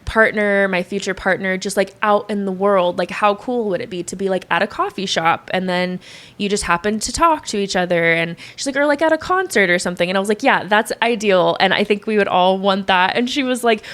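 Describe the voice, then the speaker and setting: A woman's voice: medium pitch, brisk. A woman in her thirties talks as a podcast guest. She tells her story casually and with energy. She often acts out what others said to her. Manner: animated, quotes others often.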